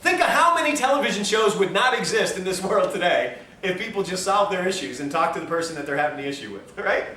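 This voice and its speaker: A man lecturing to a class, spinning stories and slipping into the voices of the people in them, with frequent laughs. His voice sits high and bright. The recording catches him from across an echoey room with faint background hiss. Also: fast talker, hardly any pauses, distant mic. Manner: animated, acts out dialogue in stories, laughs often. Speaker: health lecturer. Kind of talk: storytelling lecture to a live class.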